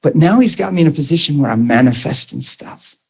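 A man's voice: on the high side, lively intonation, brisk, creaky, darkish tone, slightly rough, rough recording. A man preaching an earnest testimony sermon, talking to his audience directly and conversationally.

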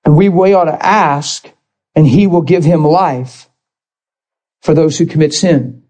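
A man's voice: a little high, measured pace, a little mellow. A man preaching a sermon, impassioned and rising to emphatic bursts.

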